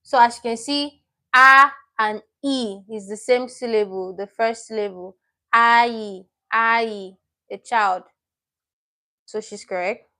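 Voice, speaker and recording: Slow, patient woman teaching a live lesson. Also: a little high, sharp tone. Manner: patient, explains step by step, repeats words. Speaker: Korean language teacher.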